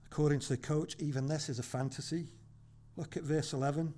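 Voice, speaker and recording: A man preaching a sermon as pastor in church, conversational and wry with dry humorous asides, slowing down to land emphatic points. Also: a little high, fairly even intonation, mellow. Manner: builds to slow, emphatic points.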